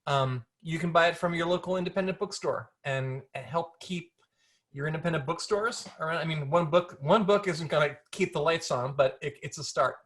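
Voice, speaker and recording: Low-pitched and moderately paced, a woman author is interviewed in a casual video call from home for a virtual event. She's playful and rambling, often stopping and restarting her sentences.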